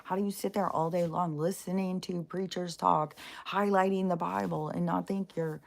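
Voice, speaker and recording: A woman's voice: lowish voice, steady tone, moderate pace, creaky. A woman vlogging in casual, rambling talk, blunt and profane, with many fillers and restarts. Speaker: spiritual vlogger.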